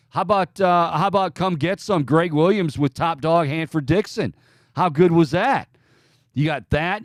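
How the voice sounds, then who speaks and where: A man's voice: medium pitch, darkish tone, clean tone, no room sound. Upbeat male sports radio host, dry sound. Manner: rapid plugs and upbeat sign-off, with restarts. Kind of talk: studio sports talk show.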